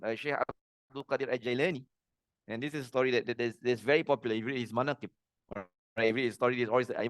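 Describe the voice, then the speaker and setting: A middle-aged man teaching a religious lesson, earnest and plain-spoken, with animated delivery. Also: mid-range voice, no echo, clean studio sound.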